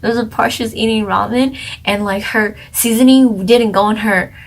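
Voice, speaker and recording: A woman's voice: a little high, steady tone, moderate pace, a little hiss or hum. A young woman co-hosting a channel, casually reviewing a TV drama in a rambling, chatty way full of "like". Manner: chatty, rambling, heavy use of "like".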